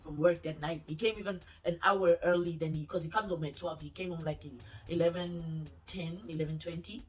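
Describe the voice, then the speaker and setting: A woman's voice: sits low, brisk, few pauses. A young woman vlogger telling a casual story, talking in slang and acting out what other people said. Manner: animated, slangy storytelling that acts out quoted dialogue. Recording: distant mic with faint background music.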